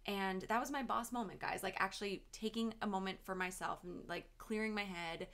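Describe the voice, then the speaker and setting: Chatty female podcast co-host, forceful tone, gravelly edge. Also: mid-range voice, brisk. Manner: chatty, full of "like" fillers. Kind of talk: casual chat.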